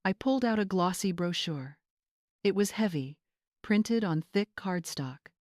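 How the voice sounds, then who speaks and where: A woman telling a first-person story in a calm, deliberate scripted narration. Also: medium pitch, no room sound, clean studio sound.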